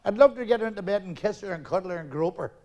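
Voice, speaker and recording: A middle-aged man telling rapid-fire jokes on stage, loud and brash, acting out characters. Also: sits high, animated. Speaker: stand-up comedian. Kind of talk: live stand-up joke telling. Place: theatre stage, audience laughter.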